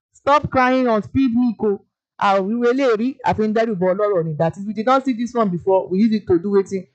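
A woman with a Nigerian Pidgin accent hosting a call-in radio show, lively and mixing in Yoruba. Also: fairly high pitch, no room sound, poor audio. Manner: lively, mixes Pidgin and Yoruba, laughs easily. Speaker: radio host.

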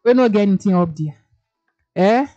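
A woman's voice: mid-range voice, lively intonation, normal speed, dark tone, dull audio, faint music behind. A woman from Nigeria with a Nigerian accent, hosting a radio show and chatting playfully in Pidgin. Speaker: radio host. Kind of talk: casual radio chat in Pidgin.

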